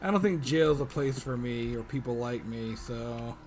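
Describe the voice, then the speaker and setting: A man's voice: medium pitch, moderate pace, over a noisy crowd. A man hosting a casual podcast chat over a video call, trading jokes and playful banter. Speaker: podcast host.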